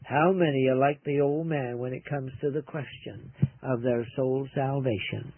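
Earnest preacher on tinny radio. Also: male voice, mid-range voice, steady tone, normal speed, no room sound. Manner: earnest, preaching, stresses key words. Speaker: children's gospel storyteller. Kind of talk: gospel story for children on radio.

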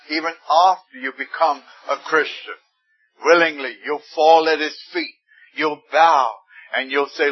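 A man's voice: on the high side, husky. A man preaching a sermon with fervent emphasis, his voice rising suddenly on key words. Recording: dull lo-fi recording.

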